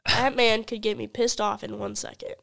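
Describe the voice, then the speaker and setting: A woman's voice: mid-range voice, moderate pace, vocal fry. A young woman on a podcast, chatting casually and telling stories animatedly, congested from a cold. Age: young adult. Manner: animated storyteller, acts out quotes, swears. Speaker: podcast guest. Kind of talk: casual chat. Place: podcast studio.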